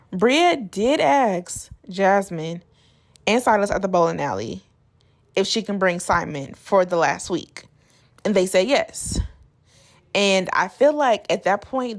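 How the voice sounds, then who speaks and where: A woman's voice: medium pitch, vocal fry. A woman vlogger giving a casual, opinionated recap of a reality show, chatty and blunt with plenty of slang.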